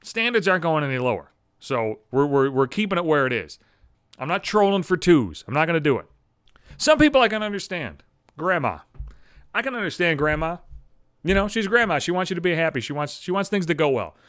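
A man's voice: fairly high pitch, big pitch swings, a little fast, fairly bright tone, smooth, no echo, clean studio sound. A man in his thirties from the Buffalo area hosting a podcast, ranting in a profane, exasperated and sarcastic casual monologue. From Buffalo area, USA. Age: 30s. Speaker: podcast host.

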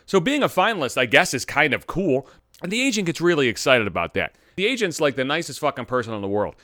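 A man's voice: a little high, sing-song, fast, bright, forceful tone, no room sound. A man hosting his own podcast as a voice actor, ranting in a profane, exasperated monologue that keeps escalating, recorded on a studio podcast mic.

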